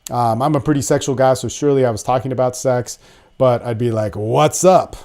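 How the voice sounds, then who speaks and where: Blunt, profane young man with a dark voice. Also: medium pitch, fairly even intonation, fast talker. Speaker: podcast host. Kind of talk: casual monologue.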